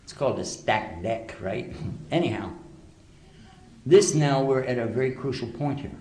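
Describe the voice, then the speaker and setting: A man's voice: mid-range voice, animated, normal speed, darkish tone, a little hiss or hum. A man giving a religious lecture to a live audience, emphatic and full of rhetorical questions. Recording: echoey lecture hall.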